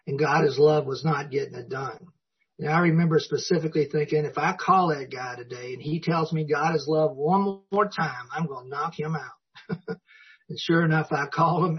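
Older male speaker, folksy storyteller, breathy voice, a bit high. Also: moderate pace. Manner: folksy storytelling, acts out dialogue. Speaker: recovery meeting speaker. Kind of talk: personal recovery talk. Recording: dull lo-fi recording.

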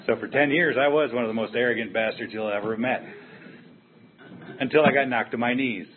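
A man's voice: medium pitch, a little fast. An older man telling his own recovery story at a meeting, candid and blunt in a conversational way. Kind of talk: personal recovery share. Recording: tinny phone-like sound with faint hiss.

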